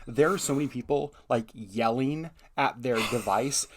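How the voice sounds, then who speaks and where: A man's voice: medium pitch, normal speed, a little hiss or hum. A man in his thirties co-hosting a casual podcast with his wife, joking about himself and laughing often. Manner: playful, self-mocking, laughs often. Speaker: podcast co-host. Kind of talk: casual chat.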